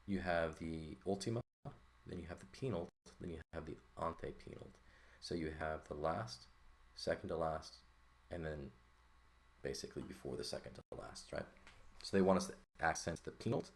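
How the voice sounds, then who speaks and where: A man teaching a Greek lesson in a relaxed, thinking-aloud way, with fillers and checks like "right?". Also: low-pitched, moderate pace. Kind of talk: casual lesson walkthrough.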